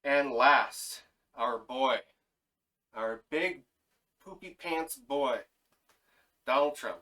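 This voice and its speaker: A man's voice: mid-range voice, extremely slow, pushed and bright, far from the mic, poor audio. A man co-hosting a casual podcast, reading through a list of names with fillers and self-corrections. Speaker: podcast co-host.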